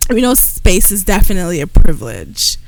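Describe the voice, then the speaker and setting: امرأة تقدّم بودكاست بأسلوب مرح. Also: female voice, fairly low pitch, big pitch swings, fairly quick, vocal fry, background noise. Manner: playful, jokes with mock accents. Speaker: podcast co-host. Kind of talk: casual chat.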